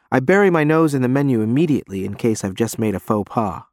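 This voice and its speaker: A man's voice: medium pitch, lively intonation, fast talker, few pauses, a little mellow, dry recording, clean studio sound. A man narrating a story in first person. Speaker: audiobook narrator. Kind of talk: scripted narration.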